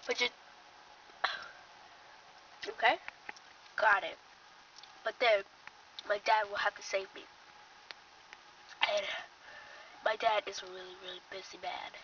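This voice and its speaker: A woman's voice: medium pitch, steady tone, unhurried, long pauses, bright, forceful tone, far from the mic. A woman acting out a homemade story, voicing several characters in bickering, teasing dialogue. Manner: plays back-and-forth dialogue, bickering and teasing. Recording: dull lo-fi home recording with faint noise.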